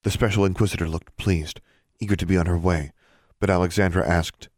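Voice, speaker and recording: A man narrates an audiobook with steady, even storytelling. His voice is very deep. The sound is bone dry, with no room around it. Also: brisk, dry recording. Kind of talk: scripted narration.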